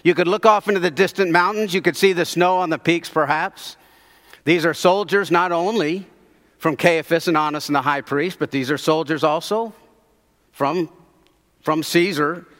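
A man's voice: a little high, moderate pace, fairly bright tone. A man preaching a sermon, telling a story in a conversational way and asking his listeners questions. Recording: long hall reverb.

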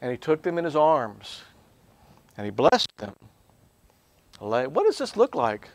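A man who is a professor, teaching a Bible lesson in a lively way, swinging from quiet asides to loud, emphatic bursts. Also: medium pitch, unhurried.

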